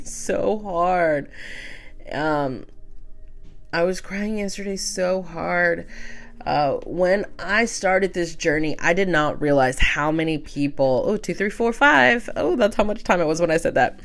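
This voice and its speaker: A podcast host and tarot reader giving an emotional, casual sign-off, tearful, chatty and freely profane. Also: mid-range voice.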